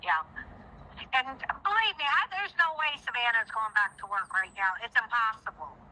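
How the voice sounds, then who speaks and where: A middle-aged woman talking earnestly in a chat, repeating herself and turning heated and shrill as she goes on. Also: animated, moderate pace, bright, forceful tone, slight background noise, rough recording. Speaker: guest sharing her story. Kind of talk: emotional phone-in chat.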